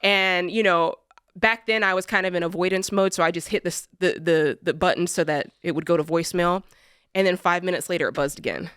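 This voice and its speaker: Animated woman telling a story in a dry studio. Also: lowish voice, fairly quick, clean tone, no echo. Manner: animated, emphatic storyteller who repeats phrases for effect. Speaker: co-host of a money advice show. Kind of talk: personal storytelling in studio conversation. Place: radio studio.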